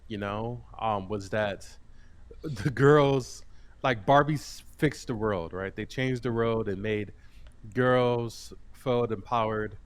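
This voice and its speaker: A man co-hosting a podcast, chatting about a movie in a relaxed, amused way. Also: fairly low pitch, slow pace. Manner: relaxed, amused, lots of agreeing. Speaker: podcast co-host. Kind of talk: casual movie review chat.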